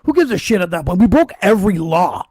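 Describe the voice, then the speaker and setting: A man's voice: high-pitched, very animated, fast talker, a little mellow, slightly rough, no echo. A man hosting a podcast, telling a wild story in casual, profane chat and breaking into laughter. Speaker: podcast host.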